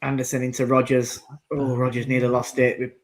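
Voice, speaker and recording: A man's voice: mid-range voice, monotone, a little fast. A man co-hosting a football watchalong, calling out substitutions and grumbling about the play. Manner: rambling, calls out substitutions and plays. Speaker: co-host commentating on the match. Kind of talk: casual football watchalong chat.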